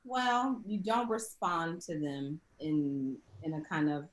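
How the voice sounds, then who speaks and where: A woman's voice: deep voice, slow pace. A young woman from the South, speaking expressively as a showrunner guest in a roundtable conversation. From American South. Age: young adult. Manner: expressive, animated. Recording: roomy echo.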